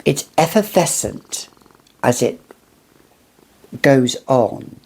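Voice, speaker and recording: A British woman with a strikingly low voice, enthusing over perfumes in a casual vlog. She talks at a leisurely pace, gushing and circling back on her words as she goes. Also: expressive, very slow, darkish tone, breathy edge. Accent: British English. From United Kingdom. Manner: gushing, enthusiastic, rambling with restarts. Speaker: fragrance reviewer.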